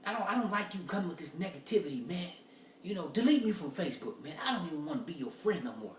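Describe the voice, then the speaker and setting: A man's voice: fairly high pitch, sing-song, fast, slight background noise, pitched above the performer's own voice. Man doing a whiny offended guy. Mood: indignant, whiny. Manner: whiny, indignant, keeps repeating "man". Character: offended, preachy man scolding on social media. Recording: roomy echo from far off.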